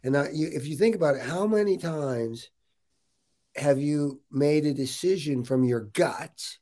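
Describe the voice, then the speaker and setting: A middle-aged man chats casually as a podcast host. His voice sits fairly high for a man, and he tells his story with plenty of energy and a lot of "dude.". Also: unhurried. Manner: animated storytelling, says "dude" often. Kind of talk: casual interview chat.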